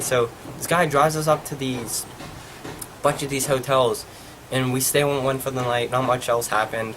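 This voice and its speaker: Young male vlogger, casual rambling storyteller, middle pitch, faint hum behind. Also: steady tone, normal speed, a bit bright. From Pennsylvania. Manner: rambling, heavy use of "like".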